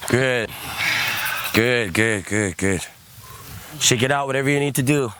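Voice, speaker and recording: A man leading a guided movement class, calmly coaching steps, counting aloud and leading rhythmic chants. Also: mid-range voice, measured pace, noisy background.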